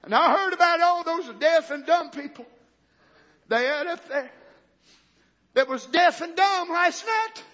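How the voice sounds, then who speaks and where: A man's voice: very high-pitched, a little slow, pauses often, fairly bright tone, voice pushed up. A man voicing a lost blind teenage girl who pleads politely for help, inside his sermon story. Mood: earnest. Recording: echoey hall, muffled old recording.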